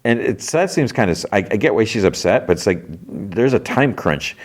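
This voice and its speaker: A man's voice: on the low side, animated, normal speed. A man hosting a podcast, recapping a cartoon episode in a casual, rambling way with lots of filler words. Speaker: podcast host.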